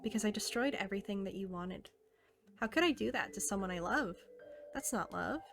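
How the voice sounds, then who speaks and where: A woman reading aloud as a self-aware teenage game girl, earnest and intimate, softly pleading. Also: mid-range voice, expressive, fairly quick, creaky, soft background music. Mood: remorseful.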